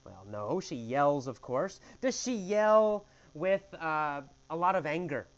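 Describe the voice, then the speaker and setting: Male English teacher, slow, exaggerated Q&A storytelling, muffled lo-fi audio. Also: fairly high pitch, lively intonation. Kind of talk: question-and-answer story lesson.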